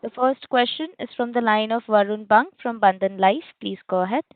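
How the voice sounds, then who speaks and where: A woman's voice: fairly high pitch, fairly quick, slight background noise. A woman working as a conference call operator, making polite, formal scripted announcements. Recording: dry tinny phone line.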